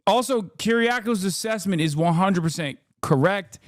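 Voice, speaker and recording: High-voiced sarcastic man streaming. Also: expressive, moderate pace, hardly any pauses, dry recording, clean studio sound. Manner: sarcastic, joking, laughs often. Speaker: streamer reacting to clips. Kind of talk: casual live reaction commentary.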